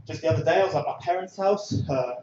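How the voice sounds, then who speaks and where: A man with a high, lively voice performs a stand-up comedy set, chatting casually and then bursting into shouts when he acts out a scene. His voice sounds roomy and a little muffled, as if caught in a small club. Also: quick pace, noisy background.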